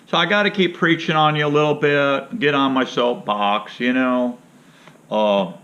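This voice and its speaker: A man's voice: medium pitch, unhurried, a bit bright. A man from Florida telling a rambling, jokey story to his viewers in a folksy, casual way. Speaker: vlogger. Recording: dull lo-fi sound.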